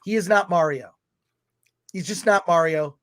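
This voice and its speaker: Ranting livestream co-host, male, high voice, animated delivery. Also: moderate pace. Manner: animated, ranting, reads viewer comments aloud. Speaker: podcast co-host reading chat. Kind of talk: livestream film chat, ranting.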